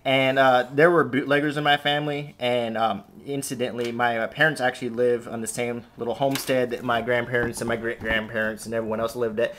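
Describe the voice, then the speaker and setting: A man with a faint Southern accent talks in a relaxed, amused, conversational way, like someone sharing family stories from his house. He is recorded on a camera mic at home and keeps a friendly, storytelling flow. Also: medium pitch, a little fast, few pauses, a little hiss or hum. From Alabama, US South. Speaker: host showing family scrapbook. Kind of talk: casual vlog narration. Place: at home indoors, cats around.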